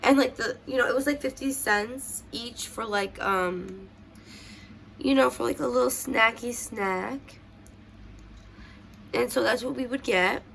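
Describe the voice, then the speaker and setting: A young woman vlogger sits at home doing her makeup, telling childhood stories in a tearful, rambling way packed with fillers. Her voice is a little high and a little slow, with vocal fry, frequent pauses and a slightly bright tone. There's some light background noise.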